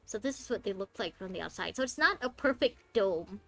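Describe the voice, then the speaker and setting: A young female game streamer talks briskly and animatedly in a mid-range, creaky voice. Her casual commentary is jokey and rambling, breaking off mid-sentence, over faint game music.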